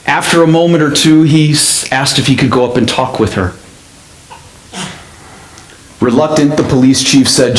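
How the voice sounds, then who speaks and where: A male pastor telling a story in a sermon, with an expressive delivery that speeds up and slows down. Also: medium pitch. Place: church sanctuary. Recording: echoey church sanctuary.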